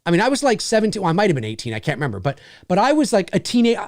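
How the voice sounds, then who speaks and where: Animated man hosting a livestream. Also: high-pitched, rapid-fire, no echo, studio quality. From Canada. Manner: animated, profane, laughs often. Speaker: livestream host. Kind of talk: casual livestream chat.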